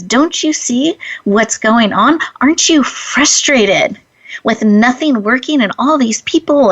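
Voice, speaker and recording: A woman's voice: on the high side, a bit bright, lo-fi sound. A woman voicing an impatient, frustrated shopper in a checkout line who fires off demanding, indignant questions.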